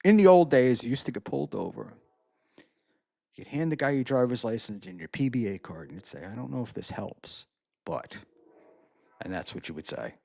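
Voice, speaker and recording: A man's voice: mid-range voice, sing-song, brisk, gravelly, warm tone, dry recording, clean studio sound. A man hosting a casual solo livestream, reading out chat messages and reacting in a rambling, profane way with lots of fillers.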